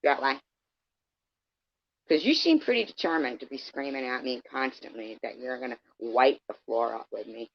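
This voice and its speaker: A woman's voice: a bass voice, lively intonation, moderate pace, muffled recording. A woman in her fifties ranting on a livestream, sarcastic and combative, calling out viewers by name. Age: 50s. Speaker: live streamer. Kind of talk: confrontational livestream rant.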